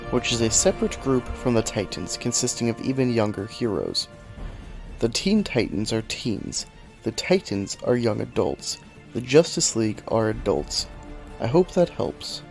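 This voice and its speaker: A man's voice: medium pitch, darkish tone. A man talking casually into the camera, rambling and poking fun at himself, sometimes breaking into cursing rants. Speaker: video essay host. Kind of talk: casual commentary.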